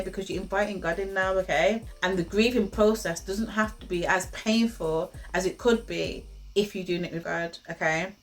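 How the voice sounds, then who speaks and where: A young woman talks casually to camera, giving advice and encouragement. She speaks in a lively way, repeats phrases for emphasis and laughs often. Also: mid-range voice, moderate pace. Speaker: host giving relationship advice. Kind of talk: casual motivational talk to camera.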